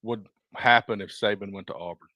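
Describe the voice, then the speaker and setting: A man's voice: fairly low pitch, fairly even intonation, fairly quick, pushed and bright, no echo. Easygoing male co-host, dry close sound. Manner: easygoing, rambling with fillers, laughs at own jokes. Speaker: podcast co-host. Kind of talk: casual sports chat.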